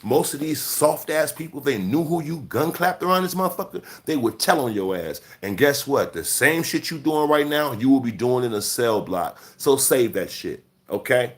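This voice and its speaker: A man's voice: mid-range voice, expressive, moderate pace, hardly any pauses. Profane scolding man in his forties. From Chicago. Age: 40s. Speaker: livestream host. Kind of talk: livestream rant.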